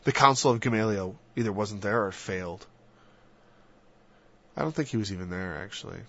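A man talking earnestly about faith in a rambling, halting casual discussion, sometimes dropping to a soft whisper. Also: lowish voice. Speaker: Christian speaker. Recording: dull lo-fi dry recording.

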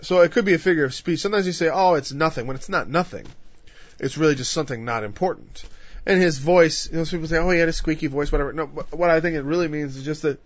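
A middle-aged man preaching a laid-back Bible lesson in a slightly high voice. He slips into playful voices to act out quotes. The recording is dry and a little muffled. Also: no room sound. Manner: casual, acts out quotes in voices. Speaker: Bible teacher. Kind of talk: conversational sermon.

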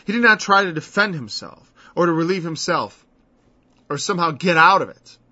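Earnest preacher, fairly high voice, lo-fi. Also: male voice, animated, moderate pace, bright, forceful tone. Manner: earnest, emphatic, quotes scripture, repeats words when stressing. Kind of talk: sermon. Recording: dull lo-fi recording.

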